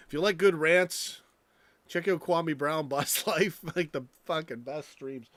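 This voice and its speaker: A man's voice: on the high side, expressive, unhurried, fairly bright tone, dry recording. A young American man hosting a casual late-night livestream from home, rambling and profane, restarting his sentences often. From United States. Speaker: live stream host. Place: home, indoors.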